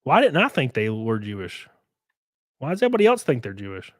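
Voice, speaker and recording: A man's voice: mid-range voice, huge pitch swings, fast, no echo. A man with a Southern US accent chatting casually on a live stream, reading chat aloud, swearing freely and laughing often.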